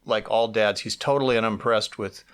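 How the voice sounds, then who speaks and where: A man's voice: lowish voice, fairly even intonation, normal speed, a bit bright, smooth. Rambling man in casual podcast chat. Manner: rambling, many restarts and "you know".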